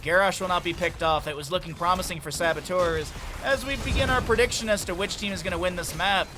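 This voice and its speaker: A man casting a live esports match, calling fast play-by-play and wandering into chatty asides he shares with his chat. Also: high voice, noisy background. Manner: excitable, rambling asides between fast play-by-play; chatty, talks directly to chat. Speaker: esports caster.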